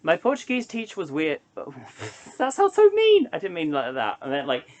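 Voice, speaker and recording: A man's voice: fairly high pitch, wildly swooping pitch, moderate pace, darkish tone. A young man chatting casually to camera in a solo vlog, rambling and hesitant with lots of ums and restarts. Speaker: vlogger.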